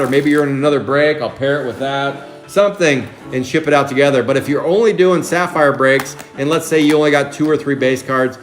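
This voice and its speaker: A man hosting a live trading card break, chatting excitably and calling out card names. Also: on the high side.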